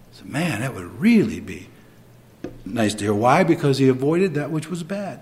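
A man preaching a sermon, moving between quiet reflection and emphatic, rising delivery. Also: mid-range voice, animated, normal speed. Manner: dynamic, swings between soft and emphatic.

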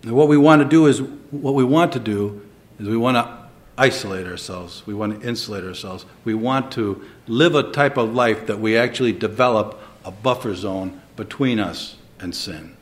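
A man's voice: on the low side, normal speed. Man preaching with dynamic emphasis. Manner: dynamic, swings between soft and emphatic. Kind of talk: sermon.

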